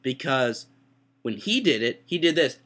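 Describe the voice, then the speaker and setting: A sick young man with a sore throat rambles through a story for his vlog, poking fun at himself as he goes. His voice sits at a middle pitch and keeps jumping up high whenever he acts out what someone said. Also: very animated, measured pace, fairly bright tone. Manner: rambling, self-mocking, jumps into high voices for quotes. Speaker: vlogger. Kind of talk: casual storytelling.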